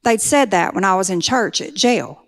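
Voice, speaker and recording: Middle-aged woman, earnest recovery testimony, plain mid-pitched voice, builds to pleading intensity. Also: animated, moderate pace. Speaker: speaker sharing a recovery testimony. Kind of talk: personal testimony talk.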